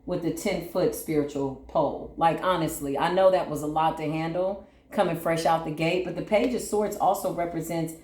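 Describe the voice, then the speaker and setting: A woman's voice: deep voice, normal speed, hardly any pauses, a little mellow, roomy sound. A woman giving a tarot reading on her channel, soothing and repetitive, often checking in with "right?". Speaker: tarot reader.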